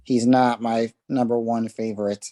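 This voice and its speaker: A man's voice: medium pitch, little pitch movement, normal speed, dark tone. A man joining a casual gaming podcast as a guest, a little hesitant and searching for words.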